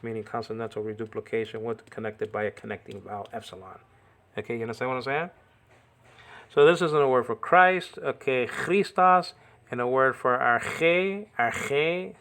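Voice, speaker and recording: A man's voice: mid-range voice, fairly bright tone. Chatty man teaching, saying okay a lot. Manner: peppers speech with "okay" and checks understanding; repeats words while correcting pronunciation. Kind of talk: informal language lesson.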